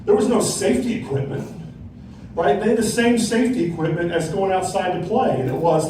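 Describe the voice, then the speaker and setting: A middle-aged man performing a stand-up comedy set, telling stories with acted-out quotes and tacking on a quick "right?" after punchlines. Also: sits high, far from the mic, background noise. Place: comedy club stage. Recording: echoey club, mic from afar, faint crowd.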